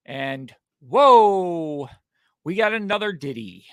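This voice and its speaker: A man hosting political commentary, his pitch swinging all over the place as he mocks and needles. The sound is dry and close, with no room in it. His delivery is sarcastic and casual. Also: unhurried, no room sound. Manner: mocking, sarcastic, animated.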